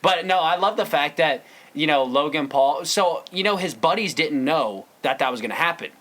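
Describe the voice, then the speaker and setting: A young man co-hosting a casual podcast chat, animated and laughing often, slipping into quick put-on movie voices. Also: fairly high pitch. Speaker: podcast co-host.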